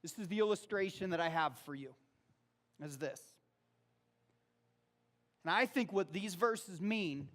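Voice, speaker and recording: High-voiced man preaching a sermon. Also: normal speed, pauses often. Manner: conversational preaching, rises loud on quoted verses. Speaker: pastor. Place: church auditorium.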